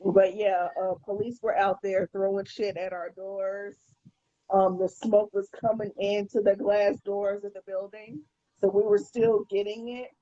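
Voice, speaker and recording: A woman's voice: mid-range voice, level tone, measured pace, dark tone, no echo, highs cut off. A woman co-hosting a podcast, telling a story in casual chat, profane and stumbling over repeated words. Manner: profane, repeats words when starting sentences. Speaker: podcast co-host.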